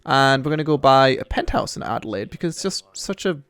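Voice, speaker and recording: A man's voice: mid-range voice, lively intonation, fairly quick, a bit bright, smooth, no echo. A man hosting gameplay commentary with friends, joking and rambling through explanations. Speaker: gaming channel host.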